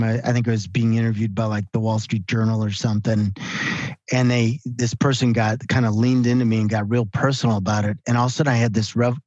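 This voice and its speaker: A man in his late fifties with a husky, slightly breathy voice tells stories as a podcast guest, slipping into the voices of the people he quotes. The recording is dry and a little dull. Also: mid-range voice, no echo. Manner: animated storyteller who acts out quoted dialogue. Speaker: guest, author and researcher. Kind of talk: storytelling in a podcast interview.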